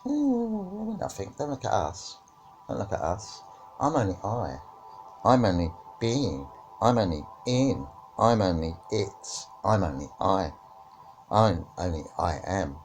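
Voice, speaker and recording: A man voicing small innocent words that coyly plead to be left alone, in a low voice. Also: sing-song, slow pace, slight background noise, heavily acted.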